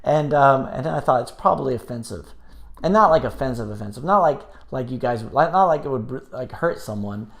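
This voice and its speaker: A man's voice: medium pitch, animated, brisk. A man hosting a live stream, chatting casually and reading viewer comments aloud, rambling with many fillers and restarts.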